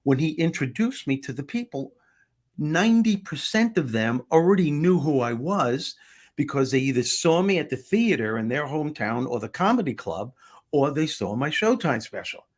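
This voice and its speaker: A man, a former comedian turned motivational speaker, telling a story in a conversation with lively restarts and self-corrections. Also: fairly high pitch, moderate pace.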